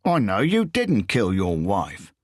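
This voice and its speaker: A man's voice: lowish voice, huge pitch swings, slow pace, dry recording, exaggerated voice. A man voicing a smug, sadistic male gunman in an audiobook, with a sneering, gloating, crude manner. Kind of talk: audiobook character voice.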